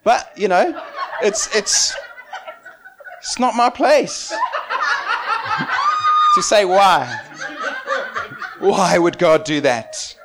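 Animated laughing male preacher. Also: sits high, drawn-out words, pauses often, heavy background noise. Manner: animated storytelling, laughs often, acts out quotes. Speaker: pastor. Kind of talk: sermon.

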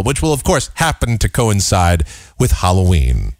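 Sarcastic talk host, lively pitch. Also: male voice, normal speed, no echo, clean studio sound. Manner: exasperated, sarcastic, rambling with restarts. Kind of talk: opinion commentary.

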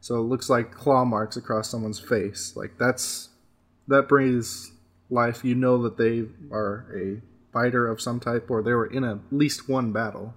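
A man's voice: medium pitch, fairly even intonation, a little slow. Male podcast co-host, hesitant, filler-heavy delivery. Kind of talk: casual podcast chat.

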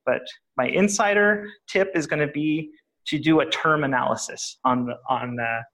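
A man's voice: fairly high pitch, normal speed, fairly bright tone, low-quality recording. A man who is a guest on a podcast and talks about property investing, in a rambling, casual way full of restarts and "uh"s. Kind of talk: casual interview answers.

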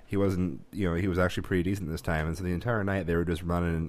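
A man's voice: low-pitched, fairly even intonation, rapid-fire, few pauses, darkish tone. A man co-hosting a podcast, telling rambling family stories in casual chat with restarts and laughs. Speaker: podcast co-host.

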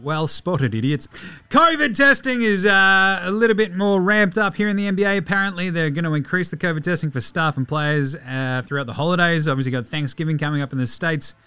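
Australian man, podcast host, sarcastic, sweary, bright and punchy voice. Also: a little high, a little fast, smooth. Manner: sarcastic, profane, mocking rants. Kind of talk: casual sports news commentary.

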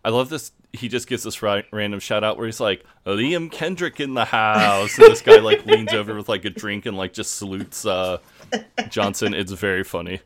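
A man with a fairly low voice talks through an episode in easy podcast chat. He quotes characters' lines in a dry, offhand way. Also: big pitch swings, a little fast. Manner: recounts scenes, quoting lines dryly. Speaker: podcast co-host. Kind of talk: casual recap chat.

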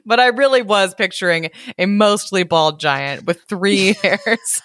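A woman's voice: medium pitch, measured pace, a bit bright, dry recording, studio quality. A woman chatting casually and enthusiastically about a story. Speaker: co-host listener. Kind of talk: casual chat.

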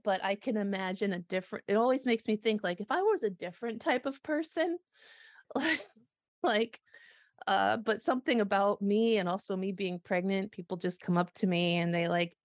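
A woman's voice: medium pitch, moderate pace, dry recording, clean studio sound. A woman co-hosting a podcast in casual chat, rambling and restarting as she tells a story. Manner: chatty, rambling with restarts and laughs. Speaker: co-host.

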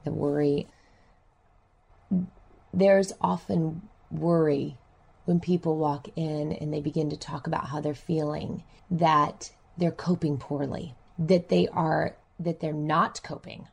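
Animated woman counselor guest. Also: low-pitched, slow, creaky, husky. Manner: animated, acts out clients' voices. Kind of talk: reflective interview talk.

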